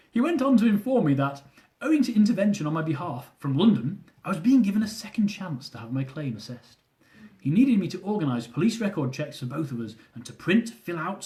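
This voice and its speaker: A man reading his own comic travel memoir aloud, with animated delivery. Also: fairly high pitch. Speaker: author.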